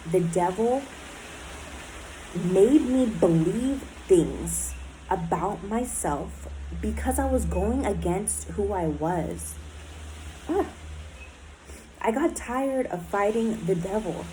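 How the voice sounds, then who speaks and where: A woman's voice: medium pitch, animated, takes it slowly, pauses often, warm tone, slight background noise, poor audio. A woman in a recovery program speaking in a candid personal diary talk, blunt and emotional, swearing often and filling her speech with "like" and "um".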